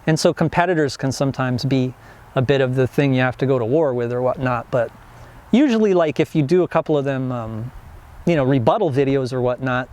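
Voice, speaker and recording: A man's voice: mid-range voice, a little fast, darkish tone. A young man teaching an online business course in a casual, rambling way, full of fillers and restarts. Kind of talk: casual instructional talk.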